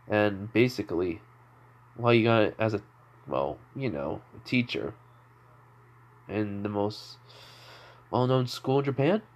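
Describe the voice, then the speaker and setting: A man's voice: on the low side, lively intonation, slow, pauses often, dull audio. A man voicing a curious male inventor in an improvised fan story, asking questions with hesitant restarts.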